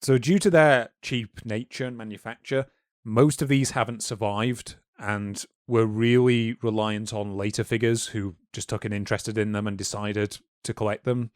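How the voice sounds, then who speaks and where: A man's voice: on the low side, steady tone, normal speed, dry recording. Man explaining history, dry close sound. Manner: informal, lecturing with fillers and asides. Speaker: podcast co-host. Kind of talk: casual history podcast explaining.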